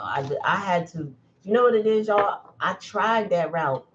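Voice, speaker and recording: A woman's voice: lowish voice, takes it slowly, lo-fi sound, background noise. A woman giving a casual livestream tarot reading, chatty and blunt in a straight-to-the-point way. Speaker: tarot reader.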